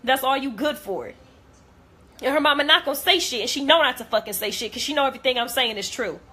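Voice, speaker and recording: A woman's voice: high-pitched, very fast, pushed and bright. Heated, hurt woman ranting. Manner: blunt, heavy cursing, hurt and heated. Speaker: vlogger. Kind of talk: emotional to-camera rant.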